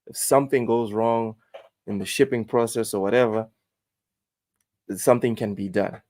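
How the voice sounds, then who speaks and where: A man's voice: on the low side, normal speed, a little mellow. A man co-hosting a gaming podcast in casual chat, joking around and stammering now and then. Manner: stammering, jokey. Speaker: podcast co-host.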